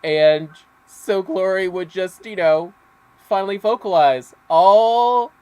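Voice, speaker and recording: A woman with a Mississippi Southern accent, co-hosting a casual livestream and adding quiet, relaxed remarks. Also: mid-range voice, slow pace, smooth, muffled recording. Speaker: podcast co-host.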